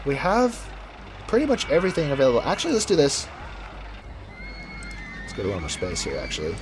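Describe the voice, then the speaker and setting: A man talks through his game as he plays, wandering into chatty side stories and correcting himself mid-sentence. His voice sits at an ordinary middle pitch. A clear layer of background noise runs under the recording. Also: huge pitch swings, a little fast. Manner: chatty, rambling, self-correcting asides. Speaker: gameplay commentator. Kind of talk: casual let's-play commentary.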